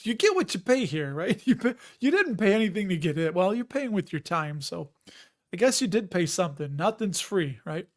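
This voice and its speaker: High-voiced chatty man in his fifties. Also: very animated, normal speed. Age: 50s. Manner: chatty, jokey, laughs often, rambling asides. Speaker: host of a dividend investing livestream. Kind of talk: casual livestream chat reading viewer comments.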